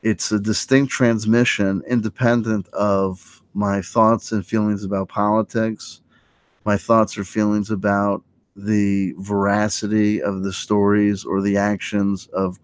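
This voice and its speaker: A man's voice: fairly low pitch, measured pace, clear, resonant tone, no room sound. A man hosting a late-night livestream, talking in a rambling, hesitant way with many restarts and sudden lifts in voice. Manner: rambling, hesitant, full of restarts, animated when quoting. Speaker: livestream host.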